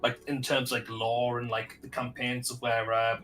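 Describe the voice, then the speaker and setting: A man's voice: mid-range voice, flat delivery, moderate pace, fairly bright tone, faint music behind. A man talking eagerly on a hobby stream, packing his speech with "like" and fillers. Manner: eager, filler-heavy, lots of "like". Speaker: guest hobbyist. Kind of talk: casual chat.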